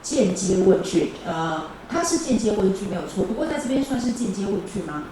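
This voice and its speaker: A woman's voice: medium pitch, very animated, a little fast, mellow, distant mic. Echoey classroom teacher, woman. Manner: repeats key phrases and calls on teams. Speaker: high school English teacher. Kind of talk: bilingual classroom grammar lesson. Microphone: camera recording the class. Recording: echoey classroom video with background noise.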